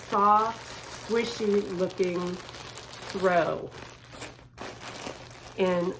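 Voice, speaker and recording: A woman hosting a casual unboxing video, gushing and lingering over each item, sometimes dropping to a hush. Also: medium pitch, noisy background. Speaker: unboxing vlogger.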